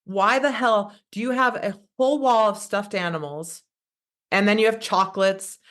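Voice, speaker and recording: A thirty-something woman guesting on a podcast gets passionate and fired up in casual talk, often rambling and beginning her sentences again. Her mid-range voice is fairly bright, delivered at a moderate pace.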